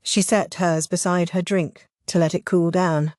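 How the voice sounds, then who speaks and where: A woman reading a novel aloud as audiobook narrator, in an even, measured way. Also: lowish voice, no echo, studio quality. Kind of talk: scripted narration.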